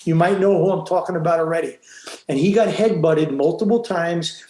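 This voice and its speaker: Man, boxing referee guest, high voice, emphatic storyteller, echoey room. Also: normal speed, a little mellow. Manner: emphatic, acts out quotes, frequent restarts. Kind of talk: animated storytelling in an interview.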